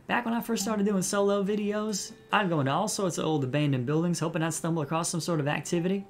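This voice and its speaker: A man's voice: high-pitched, fast talker, soft background music, pitched above the performer's own voice. A man putting on a folksy Southern cryptid hunter. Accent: put-on Southern US. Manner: breezy, rambling, folksy.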